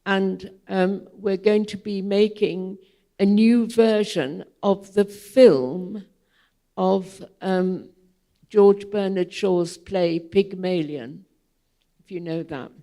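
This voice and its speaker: An older woman speaking to a theatre audience as a guest, telling long anecdotes in an unhurried, digressive way, with frequent ums. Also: medium pitch, mellow. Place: theatre hall, public event.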